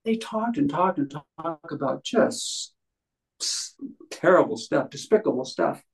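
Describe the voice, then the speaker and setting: A man's voice: fairly high pitch, animated, measured pace, gravelly, low-quality recording. Rambling storytelling man. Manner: rambling, many fillers, acts out voices in anecdotes. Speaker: guest, healing practitioner. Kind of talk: casual storytelling interview.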